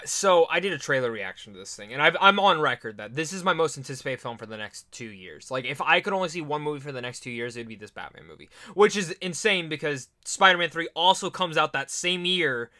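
A man co-hosting a podcast in casual chat, talking with excited, rambling enthusiasm and repeating himself. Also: on the high side, brisk, no echo, studio quality. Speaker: podcast co-host.

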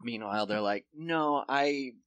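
Podcast co-host, male, bright dry voice, animated swearing storyteller. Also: mid-range voice, a little slow, dry recording, dull audio. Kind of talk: casual chat.

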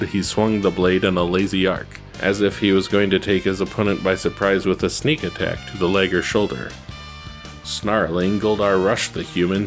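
A man narrates an action story in a steady, even reading. His voice sits low, and faint music plays beneath him. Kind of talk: reading fan fiction aloud.

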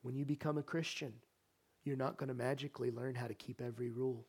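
A man preaching a sermon as pastor in a church sanctuary, with impassioned delivery that moves between loud exhortation and soft, earnest appeals, questioning the congregation directly. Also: mid-range voice, steady tone, fast, slightly rough.

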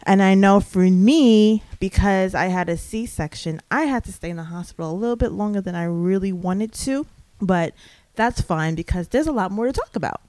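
A woman's voice: medium pitch, normal speed, warm tone, no echo. A woman hosting a casual podcast, upbeat and friendly, who laughs easily while chatting on a couch at home. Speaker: podcast host. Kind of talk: casual chat. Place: living room couch in a home.

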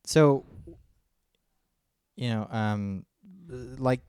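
A man's voice: mid-range voice, very slow, darkish tone, clean tone, dry recording, clean studio sound. A man co-hosting a podcast, rambling through a story with many restarts and acted-out quotes. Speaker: podcast co-host. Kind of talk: casual chat.

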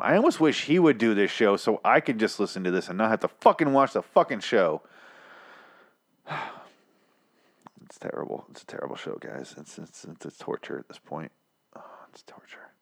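An exasperated young man rants through a TV episode review, cursing freely and mocking the writers in put-on voices. His pitch leaps up and down in lively swings. Underneath he sounds tired and achy, with a drink in him. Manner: profane, exasperated ranting with mocking impressions. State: tired, achy after whiskey. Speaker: podcast host.

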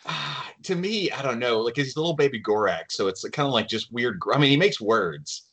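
A man who works as a lead game developer, chatting as a podcast guest in an easygoing, self-deprecating way as he thinks out loud. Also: medium pitch, lively intonation, fairly quick, husky. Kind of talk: casual podcast chat.

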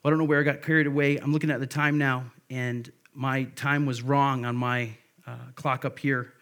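A man's voice: medium pitch, level tone, moderate pace, a bit bright. A man preaching a sermon as pastor, earnest and exhorting, rising in force for emphasis.

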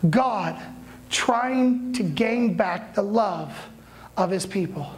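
A man preaching, retelling a story with dramatic swings from hushed lines to shouts and speaking straight to his listeners. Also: high voice, animated, slow pace, a little hiss or hum. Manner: addresses listeners directly. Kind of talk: sermon storytelling.

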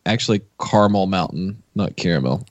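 A man's voice: low voice, lively intonation, normal speed, no room sound, highs cut off. A man co-hosting a casual podcast, reading out a news item and adding dry asides. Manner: reads copy with dry asides. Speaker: podcast co-host.

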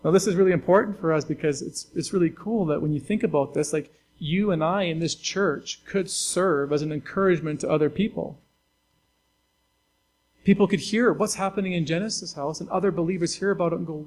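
Guy pastor giving a sermon, chatty and sincere, bit of a higher voice. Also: steady tone, moderate pace, a little mellow, rough recording. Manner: conversational, earnest, with filler words.

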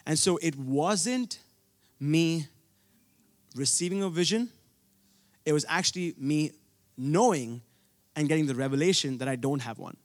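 Young man, from India, sermon, earnest storytelling, somewhat high voice. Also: measured pace, pauses often. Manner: earnest, personal storytelling with many restarts. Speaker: preacher.

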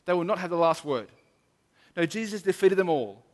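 A man's voice: high-pitched, lively intonation, brisk. A middle-aged man preaching an earnest, emphatic sermon as a pastor, often restarting his sentences. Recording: long hall reverb.

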